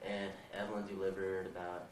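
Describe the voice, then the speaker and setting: A man's voice: low voice, level tone, a little fast. A seventeen-year-old boy telling a rambling, profane story as he is interviewed at a house. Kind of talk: casual storytelling. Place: indoors in a house. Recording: roomy, distant, noisy 1990 home video.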